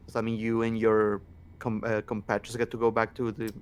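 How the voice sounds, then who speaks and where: A man's voice: lowish voice, completely flat delivery, brisk, clean tone. A man in casual, questioning chat while playing a tabletop game. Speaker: player.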